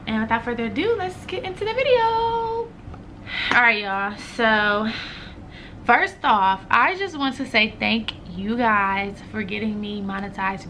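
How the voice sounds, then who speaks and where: A woman's voice: mid-range voice, vocal fry, pushed and bright, slight background noise. Chatty woman vlogger, effusive. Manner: effusive and repetitive, talks straight to viewers. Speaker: YouTuber hosting her own channel. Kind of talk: casual vlog chat.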